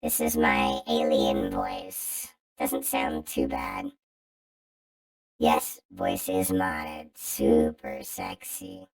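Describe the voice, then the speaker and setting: A man's voice run through a voice changer filter as a slow, drawling alien. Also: rumbling low, gravelly, faint music behind, pitched below the performer's own voice, full character voice, low-quality recording. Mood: smug. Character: modded alien voice, slow and deep.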